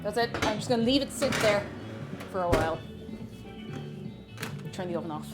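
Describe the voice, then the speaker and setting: A woman's voice: mid-range voice, animated, normal speed. A young woman hosting a live baking stream in her home kitchen. She chats casually, reads viewers' messages aloud and hums while she works. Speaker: livestream host baking. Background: background music.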